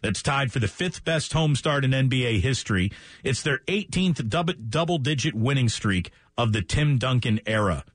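A man hosting a sports radio show, running through scores in a brisk, joking, chatty way and taking calls in a studio. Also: mid-range voice, expressive, dry recording.

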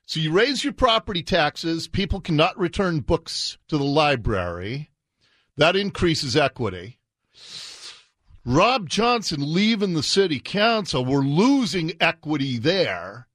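A man's voice: very animated, unhurried, fairly bright tone, dry recording, clean studio sound. A man in his fifties hosting talk radio, mocking and sarcastic in his commentary. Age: 50s. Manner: sarcastic, mocking, swings in pitch. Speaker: radio host.

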